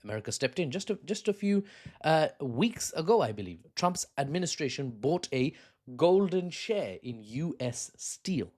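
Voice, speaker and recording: A man's voice: fairly high pitch, big pitch swings, normal speed, darkish tone. A man giving a casual, rambling news commentary, cracking jokes and laughing at his own asides.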